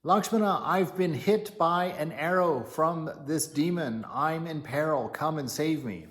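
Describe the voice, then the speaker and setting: A dying male demon cries out in a shrill, desperate call, as a storyteller puts him on. He fakes a hero's plea for help. The voice is raised high and loud. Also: measured pace, lightly acted.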